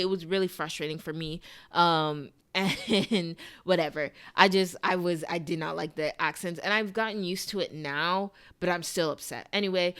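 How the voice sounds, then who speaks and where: Woman, young adult, from South Florida, slightly low voice, opinionated, wry asides, scripted review. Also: a bit bright, clear, resonant tone. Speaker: TV review vlogger.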